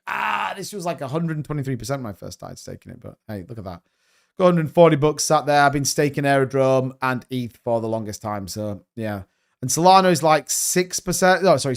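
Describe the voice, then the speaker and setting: His voice on the high side, a young crypto streamer speaks quickly and with excitement, going through viewer comments in a loose, rambling manner.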